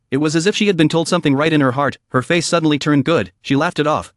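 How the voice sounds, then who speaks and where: A man narrating a comic story recap in an even, steady reading voice. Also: fairly high pitch, quick pace, few pauses, no room sound, studio quality.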